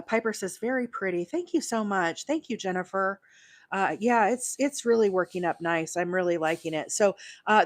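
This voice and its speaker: A woman's voice: lowish voice, no echo, studio quality. A woman hosting a live crochet stream, chatting with many fillers and counting stitches aloud as she works. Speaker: crochet host.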